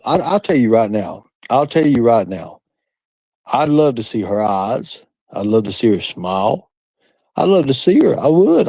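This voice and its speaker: In a rough recording with no room sound, a man with a mid-range, mellow, husky voice hosts a livestream. He chats casually with his audience in a crude, boastful, rambling manner, laughing frequently.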